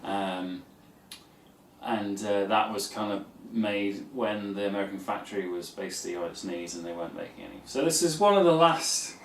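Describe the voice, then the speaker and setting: A man's voice: lowish voice, normal speed, a little hiss or hum. A man presenting a guitar in a casual, rambling way, with many ums and asides. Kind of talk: casual talk to camera.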